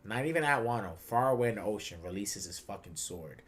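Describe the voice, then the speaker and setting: A man's voice: on the low side, animated, moderate pace, few pauses, fairly bright tone, breathy edge. A young adult man hosting a podcast, retelling a story in casual chat with heavy slang and swearing. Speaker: podcast host.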